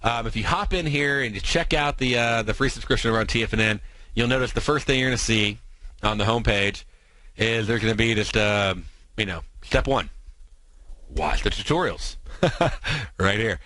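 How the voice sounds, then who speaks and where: An American man hosting a trading show, explaining strategies in quick, filler-heavy talk. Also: on the low side, sharp tone, dry recording, low-quality recording. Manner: talks fast, many fillers and asides.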